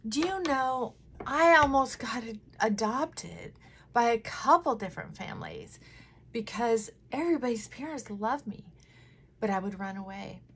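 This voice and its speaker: A woman's voice: on the high side, lively intonation, a little slow, fairly bright tone, breathy edge. A middle-aged woman chatting emotionally and candidly while doing her makeup at home, close to tears at times. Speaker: vlogger.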